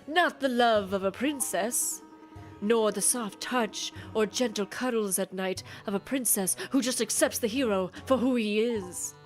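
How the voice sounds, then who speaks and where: A woman's voice: medium pitch, unhurried, soft background music, lightly acted. A woman voicing a cowardly, pompous young male knight in a video game, who boasts grandly and stammers out excuses.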